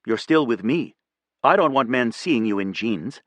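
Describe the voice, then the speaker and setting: A man's voice: medium pitch, expressive, measured pace, fairly bright tone, no echo. A man voicing a traditional young husband who is upset and controlling.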